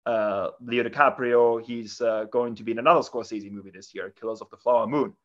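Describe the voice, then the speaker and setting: A man who is a guest on a film podcast, talking in a measured, summarizing way. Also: medium pitch, steady tone, a bit bright, highs cut off. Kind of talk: casual film discussion.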